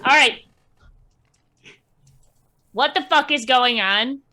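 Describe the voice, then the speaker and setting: A woman plays at a tabletop game and talks in a blunt, swearing way. Her voice is high and bright. She laughs often. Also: moderate pace, a little hiss or hum. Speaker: player.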